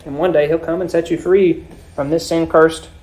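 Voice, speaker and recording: A man preaching a sermon, explaining scripture with swells and sudden drops in loudness. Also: a little high, steady tone, moderate pace. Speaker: pastor.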